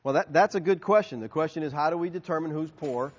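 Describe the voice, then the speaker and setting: A male pastor answers questions from the pulpit, his pitch rising and falling as he tells stories and plays every part himself. His voice is high and a little husky. It rings out into a big reverberant hall on a dull, muffled recording. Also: fast talker. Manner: animated storytelling, acting out both sides of dialogues. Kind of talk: sermon Q&A.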